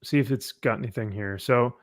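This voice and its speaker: A man hosting a live comic book chat show, animated and laughing often as he reads viewer comments. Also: mid-range voice, fairly quick. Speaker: host. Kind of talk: casual chat.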